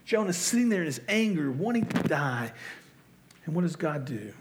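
A male pastor preaching in an easy, conversational way, with a voice pitched a little higher than most men's. He pokes fun at himself and keeps turning rhetorical questions on the congregation. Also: very animated, normal speed, noisy background. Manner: conversational, self-deprecating, asks the audience rhetorical questions. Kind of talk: sermon.

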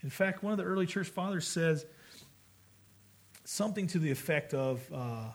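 Husky-voiced man preaching earnestly. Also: fairly high pitch, animated, moderate pace. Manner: earnest, conversational preaching with many restarts. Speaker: pastor. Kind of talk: sermon.

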